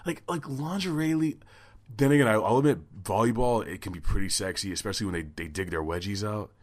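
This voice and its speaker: A man co-hosting a podcast in casual chat. He swears a lot, rambles, and talks in an animated way. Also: fairly low pitch, quick pace. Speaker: podcast co-host.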